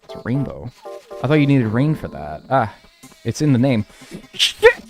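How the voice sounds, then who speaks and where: A man's voice: medium pitch, very animated, moderate pace, faint music behind. A young man streaming a game live, talking to his viewers with playful mock outrage and a lot of swearing.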